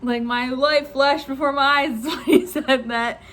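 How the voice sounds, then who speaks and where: A young woman vlogger telling a story in a casual, animated way, laughing often, swearing freely and acting out what people said. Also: high-pitched, measured pace.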